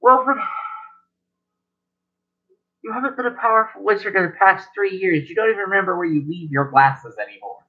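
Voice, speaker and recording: Scolding old granny, tart and high, voiced by a game master; lo-fi sound. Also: male voice, moderate pace, long pauses. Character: sharp-tongued old grandmother, dry and scolding.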